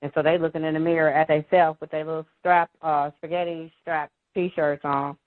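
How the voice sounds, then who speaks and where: A woman tells an exasperated, animated story, slipping into the voices of the people she quotes. Her voice sits a little low. It comes through a tinny, dry phone line. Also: moderate pace, dry recording.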